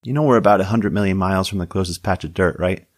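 A man voicing a weary middle-aged male sheriff, gruff, sardonic and clipped. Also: deep voice, fast, no room sound, clean studio sound. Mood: grumpy.

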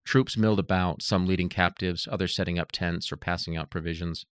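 A man narrating an audiobook in a steady, even reading voice. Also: low voice, fairly quick, clear, resonant tone, no echo, studio quality.

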